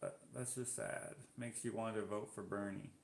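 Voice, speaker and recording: A man's voice: on the low side, fairly even intonation, normal speed, gravelly. A Canadian man hosting a live stream, chatting casually as he reads out viewer comments and reacts to them. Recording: roomy echo.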